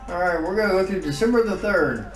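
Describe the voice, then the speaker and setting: A man narrates his game season in an easygoing commentary voice, a little higher than most men. He loudly groans and cheers at the results. His voice sits back from the mic in a roomy, echoing space with faint music underneath. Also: animated, fast talker, far from the mic. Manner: emotive, groans and exclaims over results. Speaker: gaming YouTuber. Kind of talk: casual gameplay commentary.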